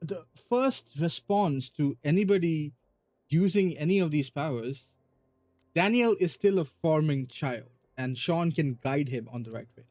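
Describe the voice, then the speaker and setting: A man's voice: fairly high pitch, animated, a little slow, a little mellow, dry recording. A man hosting a game playthrough, thinking aloud in earnest, casual commentary with restarts. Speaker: let's-play host.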